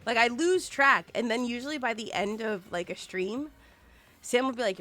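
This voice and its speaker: Pitched fairly high and speaking at a normal speed, a woman chats casually while livestreaming a game. She's animated and playful, breaking into hummed tunes and sung snippets along the way.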